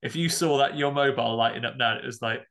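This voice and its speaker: A man co-hosting a podcast, recapping a film in animated casual chat and swearing freely. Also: mid-range voice, quick pace. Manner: animated, swears, acts out characters. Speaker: podcast co-host.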